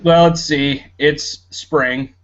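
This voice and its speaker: A man's voice: on the high side, fairly even intonation, very slow, lo-fi sound. A man co-hosting a podcast in casual chat, griping and mimicking annoying drivers. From Florida. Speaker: podcast co-host.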